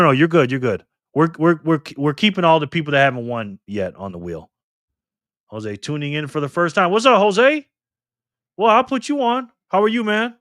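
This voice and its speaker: A man hosting a live stream in a loose, joking way, reading the chat messages out loud. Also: fairly low pitch, no room sound, studio quality. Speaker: livestream host.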